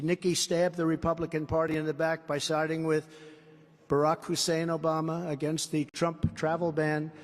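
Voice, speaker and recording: A man's voice: on the high side, gravelly. Older man giving a combative rally speech. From United States. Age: 70s. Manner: combative, repetitive, boastful. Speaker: political candidate. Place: large indoor rally venue. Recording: long arena reverb.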